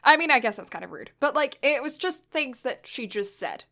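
A woman's voice: sits high, animated, brisk, pushed and bright. A young woman from Britain telling a long story in casual chat, rambling with lots of fillers and getting exasperated.

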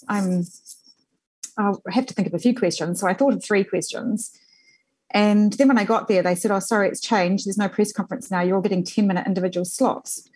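A woman spins her work stories in an easy, conversational way. She talks at a middling pitch, stacking fillers and quick restarts as the anecdotes roll out. She sounds like a journalist being interviewed about her career. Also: breathy edge, poor audio. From New Zealand. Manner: animated anecdotes with frequent fillers and laughter. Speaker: journalist guest.

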